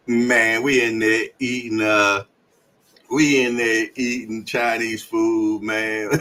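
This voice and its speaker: Bright-voiced laughing podcast host man. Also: lowish voice, poor audio. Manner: laughs often, drawn-out storytelling with slang fillers. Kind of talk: casual livestream chat.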